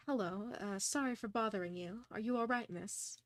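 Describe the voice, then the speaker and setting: A woman's voice: mid-range voice, a little fast, hardly any pauses, dry recording. A young woman streaming a detective game, chatting casually, second-guessing herself aloud, and reading the dialogue. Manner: chatty, self-deprecating, talks through her choices.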